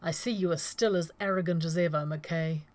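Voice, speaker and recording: A woman's voice: fairly low pitch, fairly even intonation, moderate pace, a little mellow, lightly acted. A woman reading the lines of an arrogant male gunman sheriff with clipped, formal speech. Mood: haughty.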